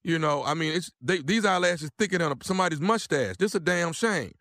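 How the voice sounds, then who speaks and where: Brief: a man doing a loud, slangy, threatening husband, high and bright-toned. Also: expressive, fairly quick, dry recording, studio quality. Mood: blustering. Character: irate loud husband ranting about his wife's eyelashes. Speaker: prank caller.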